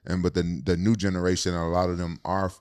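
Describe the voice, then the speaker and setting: A man hosting his podcast in casual talk, with a very low, deep voice. He speaks loosely and conversationally, doubling back on words as he works out his point. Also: completely flat delivery, fast, a little mellow, clear, resonant tone. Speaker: podcast host.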